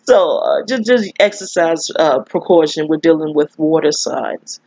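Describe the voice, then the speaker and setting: New woman, husky, chatty and profane storyteller, dry lo-fi audio. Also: low-pitched, darkish tone, no room sound. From New York. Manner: candid, profane, rambling storyteller who laughs often. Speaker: astrology vlogger. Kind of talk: casual spoken monologue. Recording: dull lo-fi audio.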